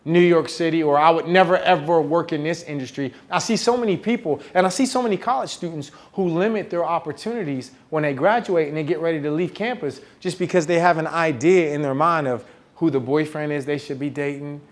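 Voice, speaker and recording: A middle-aged man from the United States giving a motivational talk, telling a story in an animated way and acting out the dialogue. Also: fairly high pitch, brisk. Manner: animated, acts out dialogue with big swings in volume. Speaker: motivational speaker.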